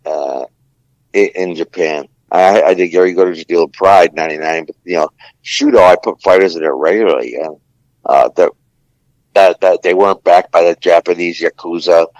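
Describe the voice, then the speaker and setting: On a podcast, a man who used to announce in the ring spins loose fight anecdotes, cursing and using fillers often. His deep voice has a darkish tone and a moderate pace, captured in a dry, poor-quality recording.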